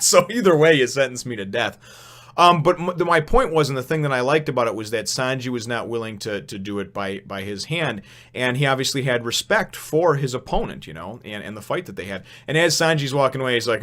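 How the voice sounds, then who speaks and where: A man's voice: mid-range voice, lively intonation, brisk, a bit bright. A man casually reviewing a comic chapter, rambling with many fillers and frequent chuckles. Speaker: manga review host.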